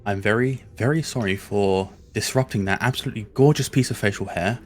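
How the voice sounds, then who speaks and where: A man playing a tabletop game, speaking in a polite, measured way in character. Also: on the low side. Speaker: player.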